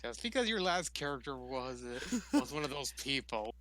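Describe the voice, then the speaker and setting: A man's voice: medium pitch, sing-song, moderate pace, a bit bright, dry recording. A man narrating as game master in a tabletop role-playing game, describing events matter-of-factly.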